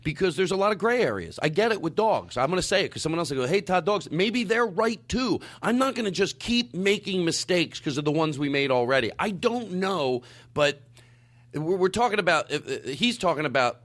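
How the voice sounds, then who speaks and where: A man's voice: on the high side, big pitch swings, fairly quick, a bit bright. A man hosting a casual comedy podcast, rambling and earnest, often interrupting himself. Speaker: podcast host.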